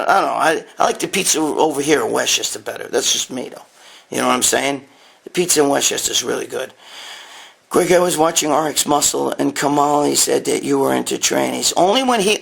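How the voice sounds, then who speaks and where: Husky New man, a bit high-pitched, blunt and crude, live phone Q&A host. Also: fairly bright tone. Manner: blunt, profane, rambling. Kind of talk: casual live-stream Q&A. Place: dining room at home. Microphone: handheld phone.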